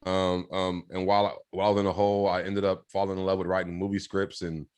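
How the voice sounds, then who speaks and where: A man's voice: deep voice, level tone, fast, a little mellow, clean tone. A man being interviewed, telling his life story in a casual, earnest way, rambling with many fillers and restarts. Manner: reflective, earnest. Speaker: interview guest.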